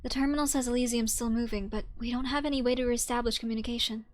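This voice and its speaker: A woman's voice: on the high side, steady tone, fast talker, close to an everyday voice. Woman reading as an earnest young leader. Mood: serious. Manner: careful, serious, questioning.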